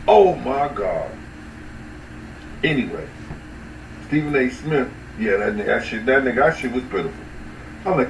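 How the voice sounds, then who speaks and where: A man hosting a casual livestream, talking loosely and profanely to his chat, with sudden high-pitched outbursts. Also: big pitch swings, moderate pace, pauses often, far from the mic. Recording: roomy echo, off-mic, faint ambient noise.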